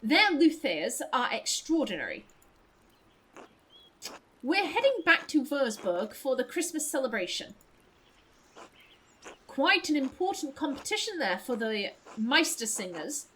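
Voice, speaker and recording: A woman's voice: high-pitched, bright, forceful tone, a little hiss or hum, heavily acted, rough recording. Woman putting on a posh courteous male musician. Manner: posh, formal.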